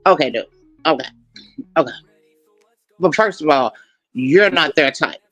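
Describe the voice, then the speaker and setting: A man's voice: on the high side, expressive, a little slow, a bit bright, dry recording, soft background music, low-quality recording. A male commentary host reacting skeptically to a clip, scoffing and repeating his points.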